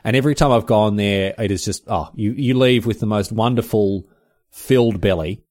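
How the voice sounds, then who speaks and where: An Australian man with a fairly low voice hosts his podcast alone. He talks fast and tells stories with lively exclamations. It is easy, casual chat. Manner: fast, animated storytelling with exclamations. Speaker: podcast host.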